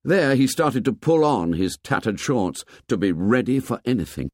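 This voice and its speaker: In clean studio audio with no room sound, a medium-pitched male narrator reads a novel aloud. His audiobook delivery is expressive yet measured.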